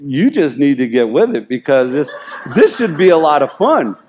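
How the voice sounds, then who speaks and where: A man giving an informal, excited sermon, rambling and self-deprecating as he reads scripture aloud. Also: fairly high pitch, moderate pace, a little hiss or hum. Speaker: lay preacher.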